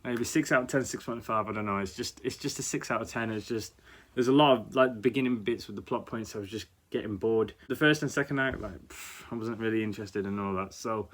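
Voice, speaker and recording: A young man giving a casual, blunt film review, animated and rambling, swearing freely. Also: on the low side, a little fast. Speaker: movie reviewer.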